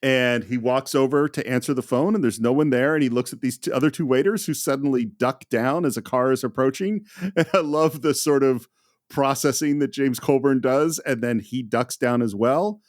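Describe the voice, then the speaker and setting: A man's voice: mid-range voice, normal speed, no room sound. Man in dry casual film chat. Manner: animated, profane retelling with laughs. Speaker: podcast co-host.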